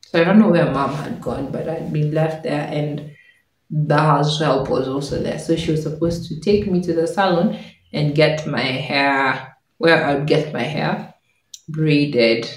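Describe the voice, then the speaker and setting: A young woman vlogger telling a personal story in an animated way, laughing often as she goes. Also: deep voice, a little slow, recorded from a distance. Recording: echoey room.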